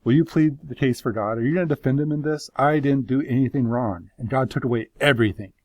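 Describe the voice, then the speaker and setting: A man's voice: medium pitch, expressive, normal speed, darkish tone, no room sound, lightly acted. A man voicing a suffering man who pleads his innocence before God, passionate and bitter. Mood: anguished.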